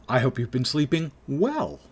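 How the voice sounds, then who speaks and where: A man's voice: medium pitch, very animated, moderate pace, a little hiss or hum. A man streaming a game live, chatting and joking casually with his viewers.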